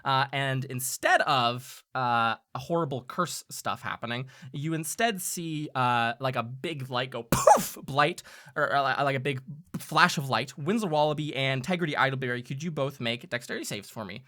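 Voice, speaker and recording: A man's voice: medium pitch, moderate pace, pushed and bright. A man narrating as game master in a casual, chatty way, laughing often.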